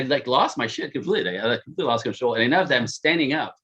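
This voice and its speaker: A man on a podcast telling the story of how he met his partner, animated and self-mocking, laughing often. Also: mid-range voice, racing, slightly rough.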